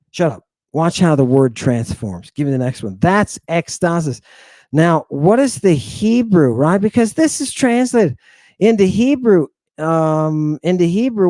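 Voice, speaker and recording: A man teaching an informal language lesson in a brash, teasing way, with quick asides to his students. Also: high-pitched, mellow, dry recording, studio quality.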